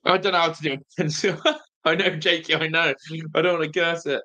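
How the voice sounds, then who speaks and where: A young man hosts a live football watch-along at a moderate pace, sounding nervous and excitable. He swings from low groans one moment to joyful shouts the next.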